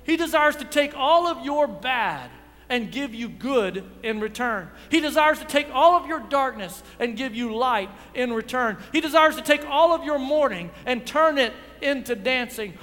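A man pastor preaching a lively sermon in church, acting out dialogue and building to shouts. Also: very high-pitched, unhurried, big-room sound, over music. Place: church sanctuary.

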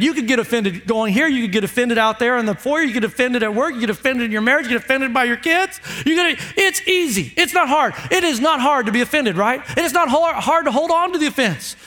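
A man's voice: very high voice, expressive, a little fast, few pauses, sharp tone. A man pastor preaching a sermon emphatically, asking the congregation rhetorical questions.

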